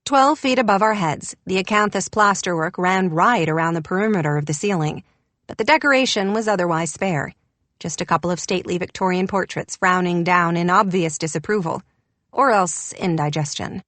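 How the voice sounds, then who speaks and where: A woman's voice: on the low side, moderate pace, a bit bright, no echo. A woman reading an audiobook in a wry, descriptive narration. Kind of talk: scripted narration.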